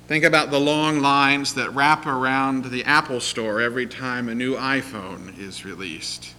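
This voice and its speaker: A man preaching a sermon, in measured, deliberate phrasing. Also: medium pitch, pushed and bright, a little hiss or hum, rough recording. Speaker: pastor.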